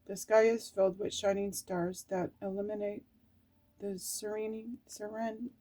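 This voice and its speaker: Slow, mellow-voiced woman reading tarot. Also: medium pitch, little pitch movement. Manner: reads card meanings slowly, breaking into laughs and tearful asides. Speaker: tarot reader. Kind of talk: emotional tarot card reading.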